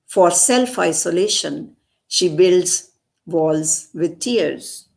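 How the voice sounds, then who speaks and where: A woman reciting a poem and explaining it, repeating lines slowly for emphasis. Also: fairly low pitch, vocal fry. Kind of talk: poetry recitation with commentary.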